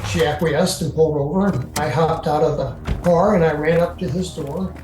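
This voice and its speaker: An older man recounting his own experience to an interviewer, in a halting way with many fillers. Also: fairly high pitch, fairly even intonation, noisy background. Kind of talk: first-person storytelling. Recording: echoey room with faint music.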